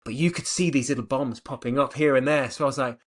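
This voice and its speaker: Brand director, man, mid-pitched, casual and enthusiastic, talks in long excited runs. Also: fast talker. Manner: enthusiastic, rambling, energetic. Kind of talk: casual interview answers.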